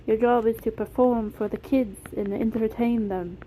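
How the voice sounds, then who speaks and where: A woman voicing a gentle, motherly female animatronic with a light British accent and a soft, tender way of talking. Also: fairly high pitch, fairly even intonation, moderate pace, a little hiss or hum, close to an everyday voice, poor audio. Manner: soft, tender, whispery at times.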